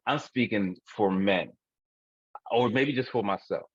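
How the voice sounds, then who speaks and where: Low husky man, frank and profane. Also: measured pace, no echo. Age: 40s. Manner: frank, profane, laughs at own jokes. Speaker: podcast co-host. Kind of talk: candid comedic chat. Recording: dull dry lo-fi recording.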